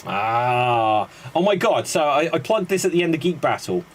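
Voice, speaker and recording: A man's voice: on the high side, big pitch swings. A man hosting an improv comedy show, joking, laughing and calling on players. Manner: jokey, quick, laughing between prompts. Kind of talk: casual comedy banter.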